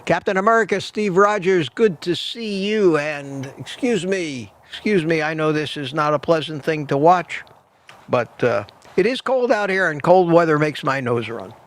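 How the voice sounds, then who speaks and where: A man's voice: on the high side, animated, moderate pace. A man hosting a casual morning livestream outdoors in the cold, greeting viewers by name and often repeating himself. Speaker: livestream host.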